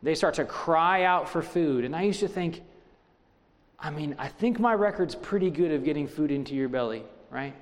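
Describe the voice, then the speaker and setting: A man's voice: fairly high pitch, moderate pace, in a large hall. A middle-aged man preaching a sermon as pastor, driving home his points with strings of rhetorical questions.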